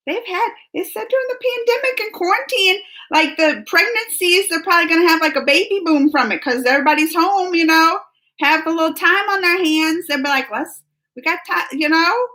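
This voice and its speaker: A woman's voice: very high-pitched, lively intonation, brisk, sharp tone. A woman hosting a casual live-stream chat from home, chipper and chatty, reading viewer names aloud. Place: at home, just out of bed.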